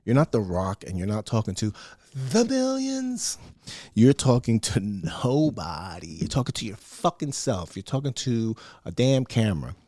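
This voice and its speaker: A man's voice: fairly low pitch, darkish tone, no echo, clean studio sound. A middle-aged man hosting a podcast, rambling through a profane, self-mocking solo rant. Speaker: podcast host. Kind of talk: casual solo podcast monologue.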